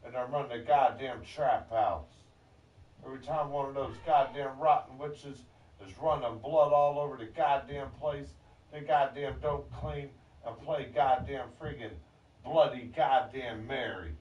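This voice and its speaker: A man's voice: medium pitch, a little slow. A man delivering an angry, profane, rambling rant on his vlog. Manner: profane, agitated, disjointed. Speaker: vlogger. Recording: echoey, distant, muffled.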